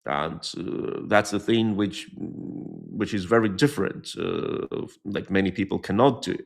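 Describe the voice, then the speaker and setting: Deep gravelly man, earnest and halting. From born near Moscow, Soviet Union. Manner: earnest, searches for words with frequent pauses; outspoken and blunt. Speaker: guest volunteer. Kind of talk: conversational interview answer.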